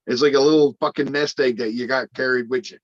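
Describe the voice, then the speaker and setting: A man telling rough stories in a casual livestream chat, rambling and swearing heavily. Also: medium pitch, steady tone, fast, no room sound. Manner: rambling, heavy swearing, blunt storytelling. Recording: dry, slightly dull call audio.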